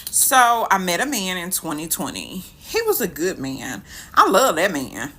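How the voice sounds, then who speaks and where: A woman telling a dating story in casual storytime style, animated and dramatic. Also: fairly low pitch, unhurried, husky. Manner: animated, dramatic retelling with quoted voices.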